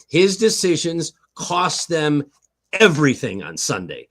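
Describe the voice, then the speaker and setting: A man's voice: on the high side, very animated, a little slow, fairly bright tone. An older man giving heated, emphatic football commentary on a streamed talk show, repeating his points and tagging lines with "okay?". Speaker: guest analyst, former team staff. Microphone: online stream call.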